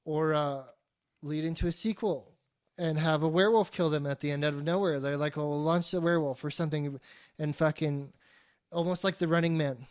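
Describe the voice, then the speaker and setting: Animated, swearing man in casual chat. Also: on the high side, normal speed. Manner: animated, swears a lot, acts out his own reactions. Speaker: podcast co-host.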